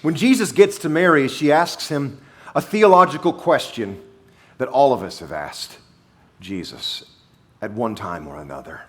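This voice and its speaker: A man's voice: mid-range voice, expressive, a little slow, fairly bright tone. A man preaching a sermon as pastor, reading scripture aloud and then driving points home by repeating key phrases with emphasis.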